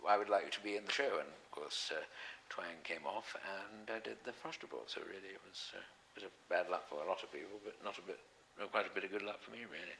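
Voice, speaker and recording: A man's voice: low voice, brisk, vocal fry, bright, forceful tone, a little hiss or hum, poor audio. A man, chatting as an interview guest, rambling with frequent ums and self-corrections. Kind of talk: relaxed anecdotal chat.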